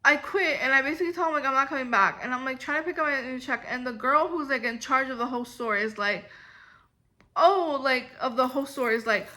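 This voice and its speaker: A woman's voice: high-pitched, fast talker, hardly any pauses, pushed and bright. A young woman telling a storytime vlog in a rambling, exasperated way, full of filler "like"s. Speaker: vlogger. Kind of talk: casual storytime monologue.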